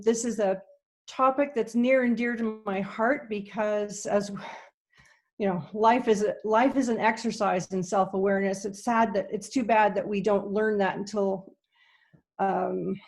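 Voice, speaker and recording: Through a video call connection, a woman from Canada speaks at an online conference. She's earnest but tentative, with frequent ums and restarted sentences, and her voice is medium-pitched and slightly mellow.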